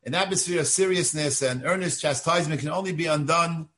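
An older rabbi lecturing on Torah with steady earnestness, weighing his words as he teaches. His voice sits a touch higher than most men's. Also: fairly quick. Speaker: rabbi of a synagogue.

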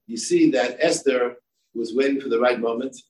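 A man's voice: mid-range voice, normal speed, a little mellow. Older man, rabbi, discursive lecture, echoey room, faint background hum. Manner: discursive, many fillers and asides. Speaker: rabbi and yeshiva head. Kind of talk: Torah lecture. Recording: echoey room, distant mic, faint ambience.

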